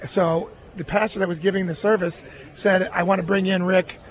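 A man's voice: high-pitched, little pitch movement, moderate pace. A middle-aged man, a guest on a radio interview, earnestly telling a personal story and quoting other people in his own voice. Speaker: guest, former baseball catcher.

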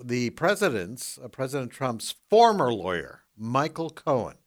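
A man hosting a political talk radio show, delivering the news in a measured way and laughing often. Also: mid-range voice, sing-song.

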